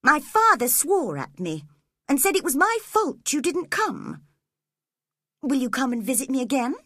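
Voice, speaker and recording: A woman's voice: high-pitched, sing-song, a little slow, pushed and bright, dry recording, clean studio sound, voice pushed up, full character voice. A woman voicing a spoiled, feverish boy who whines and pities himself in a storybook reading. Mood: peevish. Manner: whiny, petulant. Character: spoiled feverish sickly boy, peevish and self-pitying.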